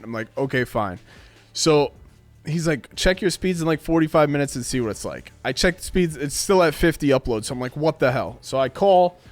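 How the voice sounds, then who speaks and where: A man in his thirties ranting to his live stream chat, swearing and acting out the people he quotes. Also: medium pitch. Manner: animated, swears a lot, acts out quoted voices. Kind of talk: casual rant to stream chat. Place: home streaming room.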